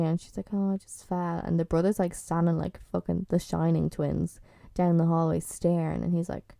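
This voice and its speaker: A woman's voice: on the low side, level tone, normal speed, vocal fry, warm tone, no echo. A woman hosting a podcast, chatting casually and bluntly, swearing freely and filling her talk with "like" and "um". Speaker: podcast host. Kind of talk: casual solo chat reviewing a TV series.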